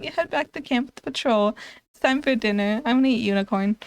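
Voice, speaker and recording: A woman's voice: a little high, fast talker, dry recording. A young woman streaming a browser game, chatting casually and reading its text aloud with frequent giggles and stumbles.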